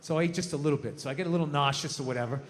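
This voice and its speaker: A stand-up comedian in his fifties, ranting profanely on stage and breaking into shouts. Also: on the high side, rapid-fire. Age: 50s. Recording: echoey hall with loud crowd laughter.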